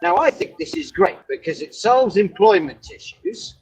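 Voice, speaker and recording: A man's voice: high-pitched, expressive, normal speed, a little mellow, breathy edge, rough recording. A truck driver chatting casually from his cab on the road, spinning absurd stories and laughing a lot. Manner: playful, spins long absurd stories with lots of laughing. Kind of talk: casual chat.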